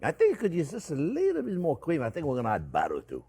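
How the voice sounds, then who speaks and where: A man hosting a cooking show, chatty and animated, laughing often and repeating words as he demonstrates a recipe. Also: a little high, quick pace, husky.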